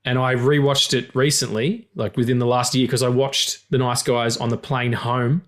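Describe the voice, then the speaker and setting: A man co-hosting a film podcast in casual chat, animated, swearing often and laughing loudly. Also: mid-range voice, normal speed. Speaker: podcast co-host.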